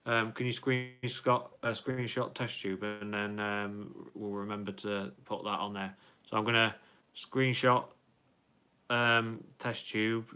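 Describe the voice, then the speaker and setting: A man's voice: on the low side, steady tone, takes it slowly, pushed and bright, clear, resonant tone. A young man hosting a casual live stream, reading out viewer comments in a rambling way with many ums and restarts.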